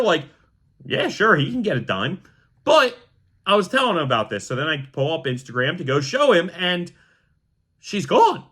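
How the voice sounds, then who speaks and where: A young man from the Philadelphia area hosting a casual solo sports podcast, telling stories in a chatty way. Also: fairly high pitch. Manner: chatty storyteller, animated re-enactments. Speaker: podcast host.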